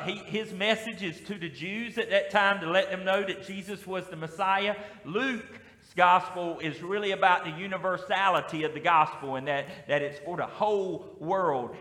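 High-voiced Southern preacher in echoing hall. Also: male voice. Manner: lively call-and-response preaching. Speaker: pastor. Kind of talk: sermon. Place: church sanctuary. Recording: echoey hall with long reverb.

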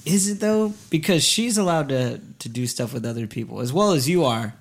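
A man hosting a podcast in casual comedic chat, crude and joking and quick to laugh. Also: mid-range voice, expressive, gravelly. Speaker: podcast host.

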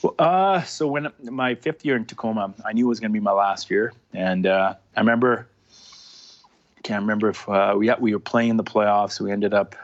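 A man's voice: lowish voice, a little fast. A man in his thirties, a former hockey player, chatting casually as a podcast guest, rambling with many restarts and fillers. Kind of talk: casual interview chat. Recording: dull lo-fi sound with faint noise.

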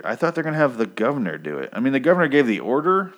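A man casually recapping a comic book issue, rambling, swearing freely and filling pauses with "um". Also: medium pitch, very animated, fairly bright tone. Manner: rambling, profane, lots of ums.

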